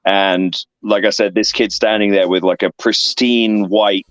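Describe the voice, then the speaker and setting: Appearing on an online interview stream, a wrestler from England in his thirties tells casual backstage anecdotes, rambling and filler-heavy but punctuated with animated voiced asides. He speaks a little slowly in a lowish voice, with no room sound, soft background music, and rough audio.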